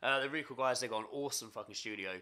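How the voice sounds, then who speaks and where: A man co-hosting a casual English podcast, laid-back and chatty, reeling off lists of shout-outs. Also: mid-range voice, racing. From England. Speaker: podcast co-host. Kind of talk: casual chat. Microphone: studio microphone at a table.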